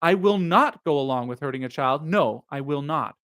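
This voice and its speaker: A man voicing a frightened young woman, raised pitch. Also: lively intonation, normal speed. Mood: defiant. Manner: tense, building to defiant shouting. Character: frightened young woman steeling her nerve.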